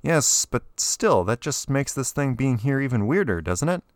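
A man's voice: mid-range voice, big pitch swings, normal speed, no echo, studio quality, pitched above the performer's own voice, natural voice. A man doing an earnest, curious young man.

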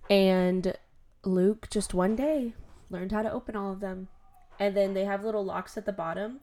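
A young woman chats casually as a podcast host, recording at home. She rambles warmly through her thoughts with plenty of "um" and "like" and laughs often. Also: mid-range voice, fairly even intonation, normal speed. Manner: chatty, many fillers, laughs often.

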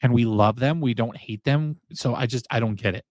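A man hosting a casual livestream chat, excitable, repeating himself and laughing often. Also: mid-range voice, fairly quick, dry recording. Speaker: podcast host.

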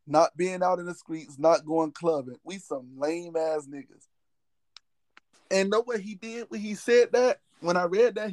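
Guy with a pretty high voice ranting on a podcast, keeps repeating stuff for emphasis. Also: a little mellow, no echo. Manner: emphatic, repeats words for punch. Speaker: podcast host; football coach. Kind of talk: casual podcast chat.

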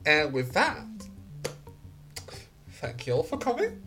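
A man running a tabletop game on stream, talking slowly in a slightly high voice. He is relaxed and drops fillers as he goes. Quiet music plays underneath. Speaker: game master.

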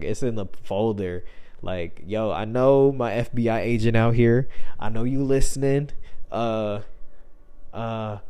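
A man's voice: lowish voice, warm tone, clean tone. A young man hosting a solo podcast, rambling loosely in heavy slang with lots of filler words. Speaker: podcast host.

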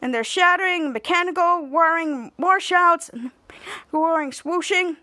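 A woman's voice: extremely high pitch, a little slow, pushed and bright, dry recording. A woman hosting a podcast, casually recapping an episode in a rambling way and acting out the scenes. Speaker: podcast host.

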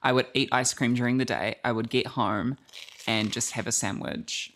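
Giggly, bright-voiced young woman podcaster. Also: a bass voice, steady tone, normal speed. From New Zealand. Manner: giggly, bubbly, playful. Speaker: podcast co-host. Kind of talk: casual chat.

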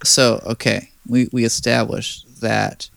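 A man's voice: mid-range voice, level tone, takes it slowly, creaky, fairly bright tone, no echo. A man co-hosting a casual podcast chat, joking and now and then putting on silly voices. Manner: jokey, puts on silly voices. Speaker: podcast co-host.

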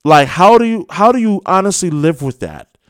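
On his sports radio show, this host launches into a heated opinion monologue, scolding listeners with rhetorical questions. His voice is high and animated at a normal pace. The studio recording is clean, with no room sound.

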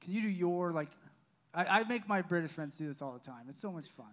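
High-voiced man hosting a podcast. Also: lively intonation, fairly quick. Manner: playful, asks offbeat questions. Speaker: podcast host. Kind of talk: casual chat.

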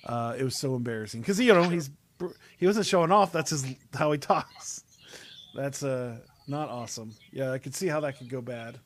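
A man hosting a casual web show, chatting over a remote call. His voice sits at a middle pitch, and he talks in a halting way, full of "uh" and restarts. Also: a little hiss or hum. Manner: halting, many fillers and restarts. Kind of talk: casual chat.

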